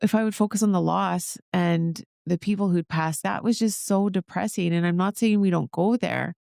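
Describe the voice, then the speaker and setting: Woman podcast host, solo talk, upbeat and encouraging, slight vocal fry, dry close sound. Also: on the low side, normal speed, a little mellow, no room sound. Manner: upbeat, encouraging, talks straight to listeners.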